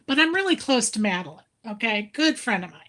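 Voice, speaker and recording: Lady telling a story on a live stream, fairly high voice, keeps laughing. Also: a little fast. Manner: animated, laughs often while telling. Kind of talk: casual storytelling.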